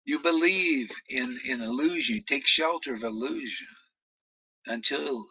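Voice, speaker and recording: A man preaching a confrontational, profane sermon, shouting challenges at his critics. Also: mid-range voice, normal speed, gravelly, breathy edge, no echo, rough recording.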